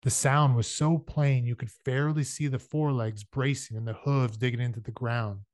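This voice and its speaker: A man reads a novel aloud at a medium pitch, steady and unhurried, now and then breaking off to explain things in a casual, chatty way. The recording is dry and close, with no room sound. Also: dry recording. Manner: casual explanatory asides between passages. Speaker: audiobook reader.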